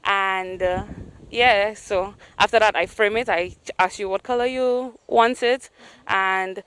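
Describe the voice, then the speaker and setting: A woman from Saint Lucia is a guest on a TV interview and speaks earnestly and plainly. Her voice is smooth and resonant at a middle pitch. The sound is dry and close. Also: steady tone, takes it slowly, a bit bright, no echo, poor audio. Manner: earnest, plain-spoken, restarts often. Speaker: guest, small business owner.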